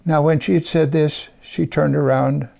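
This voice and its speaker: Gravelly-voiced man preaching a sermon. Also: on the high side, fairly even intonation, normal speed. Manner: reads scripture then comments, drops to soft near-whispers for emphasis.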